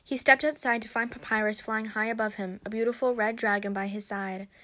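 A woman narrating a story aloud in a steady storybook reading. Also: a little high, fairly quick.

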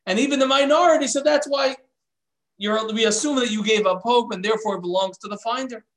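A man telling a religious story in an animated way, switching voices for the characters. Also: very high voice, a little fast. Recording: echoey room.

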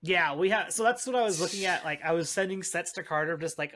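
A man with a somewhat high-pitched voice, co-hosting a casual podcast. He talks through game picks in a chatty way and tosses in joking asides. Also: quick pace, sharp tone. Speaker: podcast co-host. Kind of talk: casual chat about competitive game strategy.

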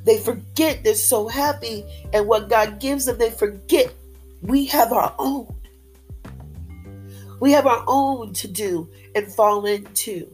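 A woman's voice: fairly high pitch, slow, darkish tone, breathy edge, faint music behind, low-quality recording. A woman giving an upbeat, faith-based motivational talk straight to her listeners. She talks with a lot of pep and repeats her phrases for emphasis. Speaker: motivational speaker.

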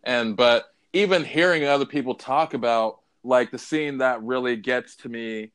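Smooth-voiced man, swearing, emotional. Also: mid-range voice, normal speed, fairly bright tone. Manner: emotional, swears freely, retells scenes with quoted lines. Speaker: podcast co-host. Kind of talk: casual chat.

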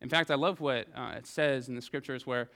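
A man's voice: medium pitch, steady tone, brisk, a bit bright. A man preaching a Sunday sermon, reading scripture and then talking it through in an earnest, conversational way with frequent restarts.

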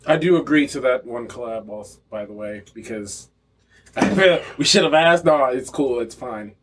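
A man co-hosting a casual podcast, easygoing and quick to laugh. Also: medium pitch, expressive, background noise. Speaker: podcast co-host. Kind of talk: casual chat.

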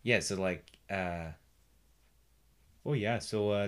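A man's voice: lowish voice, takes it slowly, long pauses, fairly bright tone, clear, resonant tone. A young man co-hosting a casual podcast, playful and teasing, laughing often. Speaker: podcast co-host. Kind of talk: casual chat.

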